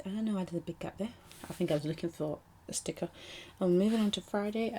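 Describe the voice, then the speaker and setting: A woman's voice: on the low side, mellow, breathy edge. A young British woman narrating her planner spreads in a chatty, rambling way, with ums and little asides. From United Kingdom. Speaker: planner vlogger. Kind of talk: casual voice-over narration.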